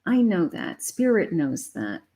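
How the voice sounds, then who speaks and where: A woman's voice: lowish voice, big pitch swings, a little slow, dark tone. A middle-aged woman, a psychic, giving a live tarot reading to her viewers in an emotional, uplifting way, with repeated affirmations.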